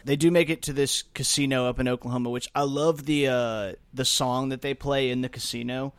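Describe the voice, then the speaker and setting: A man co-hosting a podcast recaps a movie in casual chat, speaking a little fast in a mid-range voice. He animatedly retells the plot, acting out characters' lines with a raised voice, and there's no room sound.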